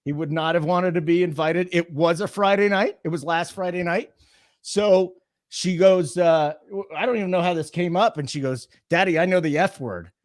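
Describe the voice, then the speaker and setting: A middle-aged man co-hosting a casual sports podcast, telling stories in an animated way and swearing freely. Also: high voice, moderate pace. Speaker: podcast co-host.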